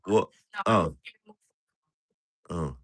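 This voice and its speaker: Deep British guy rambling over drinks. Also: animated, very slow, breathy edge. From Britain. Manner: rambling, jokey banter with frequent laughs. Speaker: live-stream host. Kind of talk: casual live-stream chat while drinking.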